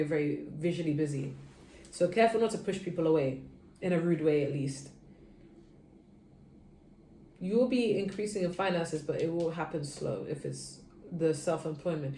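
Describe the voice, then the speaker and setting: A tired, underslept woman gives a casual tarot reading in a relaxed, chatty manner, her lowish voice drifting between quiet murmurs and sudden perky bursts. The echoey room carries faint ambience and slight background noise.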